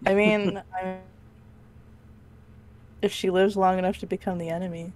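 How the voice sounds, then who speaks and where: A woman's voice: medium pitch, level tone, moderate pace, a little mellow, soft background music, poor audio. A woman playing a tabletop game, chatting casually in a giggly, playful way. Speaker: player. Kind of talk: casual chat between tabletop game sessions.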